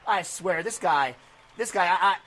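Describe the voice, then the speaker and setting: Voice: medium pitch, a little slow, fairly bright tone, slight background noise, close to an everyday voice. A speaker voicing a sarcastic, sneering wrestling color commentator. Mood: snide.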